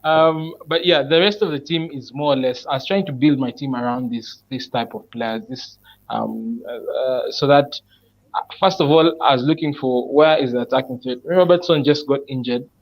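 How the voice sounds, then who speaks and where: A man in a casual online chat, talking through his fantasy football picks step by step with frequent pauses. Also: medium pitch, poor audio. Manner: thinks aloud, explains picks step by step with many pauses. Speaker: panelist presenting his fantasy football team.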